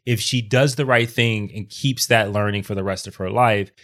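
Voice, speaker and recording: Guy on a podcast, lowish voice, thinks out loud, restarts a lot. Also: fairly even intonation, moderate pace. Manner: reflective, talks in metaphors and restarts. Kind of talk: casual chat.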